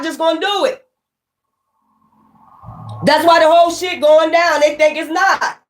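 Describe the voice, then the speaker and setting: A woman giving a casual tarot reading to viewers, emphatic and rambling, swearing freely, swinging from near-shouts to low muttering. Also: fairly even intonation, a little slow, pauses often. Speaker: tarot reader.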